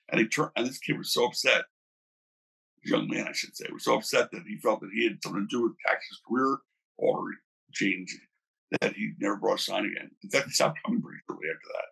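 An older man, a former wrestling promoter, telling animated stories in a casual interview, acting out the people he quotes. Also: fairly low pitch, brisk, creaky, slightly rough. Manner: animated storyteller, acts out quoted voices.

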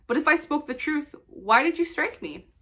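A woman reading the words of Jesus aloud from scripture, lifting her voice a little higher for the quotes. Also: expressive, normal speed, a bit bright. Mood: earnest. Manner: read-aloud quotes, pitched a little higher than the narration. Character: Jesus, calm grown man teacher.

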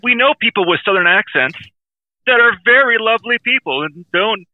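A man co-hosting a podcast in loose, casual chat. His voice sits a little high, and he rambles candidly with self-aware asides. The recording is dry and tinny, like a phone line. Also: expressive, brisk, dry recording. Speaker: podcast co-host.

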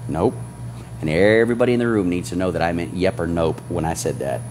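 A man's voice: low voice, brisk, darkish tone, slight background noise. A man preaching a sermon as pastor, exhorting his congregation with fervor.

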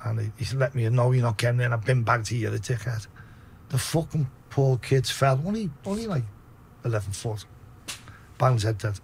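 A man with a Liverpool accent telling profane, animated stories in a casual interview. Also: medium pitch, moderate pace, vocal fry, slight background noise. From Liverpool, England. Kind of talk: casual storytelling.

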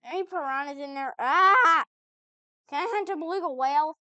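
Woman, high voice, chatty gamer commentary, bemused back-talk, dead-dry sound. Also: fast, dry recording. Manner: chatty, puzzled, talks back to the game. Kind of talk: let's-play commentary.

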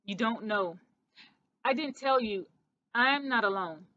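A shy, shabby little field mouse speaks quietly and with hesitation, as a woman reads him. The voice is slightly high, and the recording sounds muffled. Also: animated, takes it slowly, dry recording, full character voice. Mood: hesitant. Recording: dull lo-fi recording.

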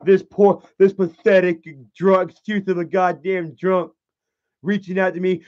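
A man's voice: high-pitched, level tone, a little slow, darkish tone. A young man chatting on a livestream, rambling and swearing, full of "you know" fillers. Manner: rambling, profane, many fillers. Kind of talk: casual livestream chat. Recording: dull lo-fi stream audio.

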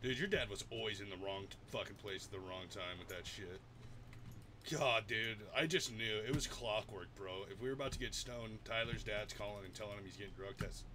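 A man's voice: fairly low pitch, brisk, sharp tone, slight background noise. A man chatting casually while streaming a game, laid-back, swearing often and laughing a lot. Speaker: gaming streamer. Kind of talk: casual chat while gaming.

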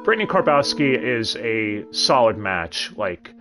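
Lively man hosting a casual review. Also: medium pitch, a little slow. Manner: chatty, with joking asides. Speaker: host. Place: home streaming setup. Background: background music.

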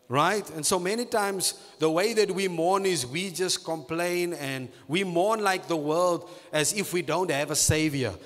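Slow, emphatic preacher in a reverberant hall. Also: male voice, a little high, fairly bright tone. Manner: repeats phrases, stretches key words slowly for emphasis. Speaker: pastor. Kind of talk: sermon.

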